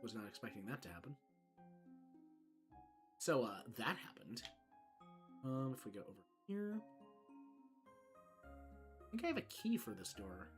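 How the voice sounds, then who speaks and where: A streamer giving relaxed, chuckling commentary during a video game playthrough. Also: medium pitch, a little slow, pauses often, faint music behind.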